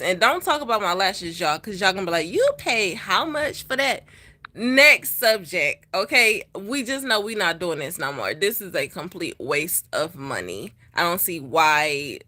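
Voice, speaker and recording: A truck-driving woman tells a story to her viewers in a casual, animated way. Her voice is bright and forward at a middle pitch, and she jumps into high, dramatic voices whenever she quotes someone. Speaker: truck driver vlogger.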